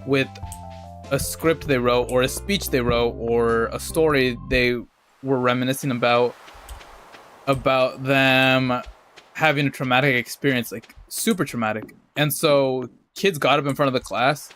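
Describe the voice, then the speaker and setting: A man's voice: mid-range voice, fairly even intonation, unhurried, fairly bright tone, soft background music. A young adult man streaming a game, telling a rambling, profane story in a casual, laid-back way. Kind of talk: casual storytelling while gaming.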